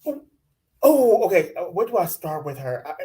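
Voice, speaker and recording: Woman, lowish voice, blunt exasperated rant, casual recap chat. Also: sing-song, normal speed, warm tone. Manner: blunt, exasperated ranting with mock quotes. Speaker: co-host of a reality TV recap show.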